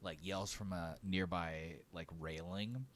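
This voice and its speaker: A man's voice: deep voice, steady tone, moderate pace, a bit bright. A man narrating as game master of a tabletop role-playing game, describing scenes with fillers.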